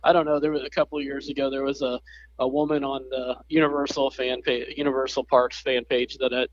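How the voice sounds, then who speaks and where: A man from the South, co-hosting a podcast in easygoing, halting chat and laughing often. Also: mid-range voice, flat delivery, no echo. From American South. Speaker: podcast co-host, theme park bus driver. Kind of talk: casual chat. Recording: dry, muffled audio.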